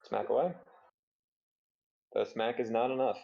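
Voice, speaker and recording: A man's voice: medium pitch, a little slow, vocal fry, dull audio, a little hiss or hum. A man running a tabletop game as dungeon master, narrating the action, explaining rules and laughing along with the players. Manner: animated, laughs often, acts out enemy lines.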